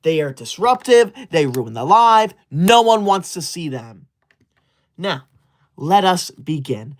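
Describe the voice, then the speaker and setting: Slow and fairly high, this man's voice swings widely in pitch. He's lampooning a touchy young male livestreamer who lives by the rules, scolding in a prim, stiffly formal tone.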